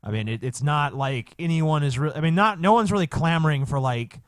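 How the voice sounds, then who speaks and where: A man's voice: on the high side, brisk, no room sound. A man co-hosting a podcast in casual banter, profane and sarcastic. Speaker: podcast co-host.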